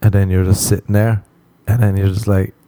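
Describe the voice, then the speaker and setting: Crude joking Irishman, low mellow voice. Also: little pitch movement, brisk, no room sound. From Ireland. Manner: crude, self-mocking, laughs at own jokes. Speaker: comedian. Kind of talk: comedic monologue.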